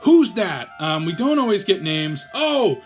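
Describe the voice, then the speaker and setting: A man's voice: high voice, very animated, a little slow, soft background music. A man hosting a comedic vlog, rambling and swearing freely, tired and a bit loopy. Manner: profane, rambling, self-mocking and a bit loopy. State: tired from a marathon of viewing. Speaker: vlog host reviewing a TV series. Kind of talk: casual comedic rant to camera.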